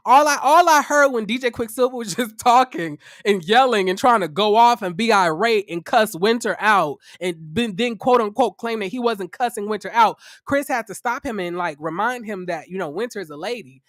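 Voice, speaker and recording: A man hosting a livestream review of a reality show, tired, talking casually to his viewers in a profane, incredulous, animated way. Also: high-pitched, normal speed, few pauses, no echo, studio quality. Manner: chatty, addresses viewers as y'all.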